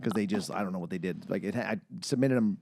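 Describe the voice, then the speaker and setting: A man's voice: sits low, fast talker, a little mellow, dry recording, studio quality. A man, co-hosting a podcast, rambling casually with asides and restarts. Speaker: podcast co-host. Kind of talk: casual chat.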